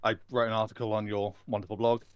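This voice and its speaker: A man with a fairly low voice chats as a guest about tabletop gaming. He rambles and trips over repeated words, recorded close and dry with no room sound. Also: level tone, fast, clear, resonant tone, no room sound, highs cut off. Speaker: guest player. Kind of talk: casual gaming chat.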